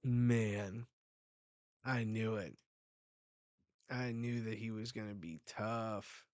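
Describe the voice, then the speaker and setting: A man hosting a live manga reading reaction, with excited, profane outbursts. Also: fairly low pitch, takes it slowly, no echo.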